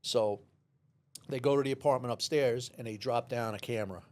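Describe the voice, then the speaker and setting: A man, a former police officer, telling a lively story in an interview and acting out the voices. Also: medium pitch, fairly quick. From New York City. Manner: animated storyteller, acts out dialogue, many restarts.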